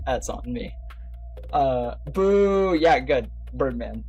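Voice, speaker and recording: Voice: mid-range voice, expressive, drawn-out words, a little mellow, dull audio. Rambling livestream host over faint music. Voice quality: rambling, laughs often, many fillers and restarts. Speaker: livestream host talking to chat. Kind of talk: casual chat.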